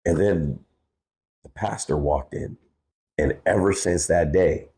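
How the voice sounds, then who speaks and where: Deep-voiced man telling a raw story. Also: slow, dark tone. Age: 30s. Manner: candid, cursing freely, says "bro" often. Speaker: guest, hip-hop artist. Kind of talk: emotional personal storytelling.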